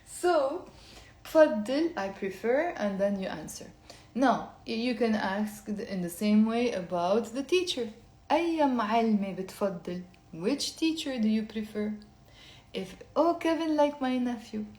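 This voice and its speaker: A woman from Lebanon, teaching a live online language lesson and patiently repeating phrases slowly, then faster. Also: on the high side, expressive, darkish tone, echoey room.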